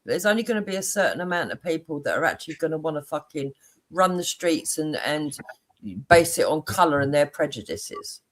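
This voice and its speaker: A man's voice: a little high, animated, a little fast, a bit bright. A man hosting a casual live stream debate, blunt and argumentative.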